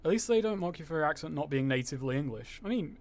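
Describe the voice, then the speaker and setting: The speaker is a young man streaming a game who talks fast and expressively in a fairly high, slightly mellow voice. He rambles casually to viewers, swears freely and reads chat aloud with a slightly posh-sounding delivery.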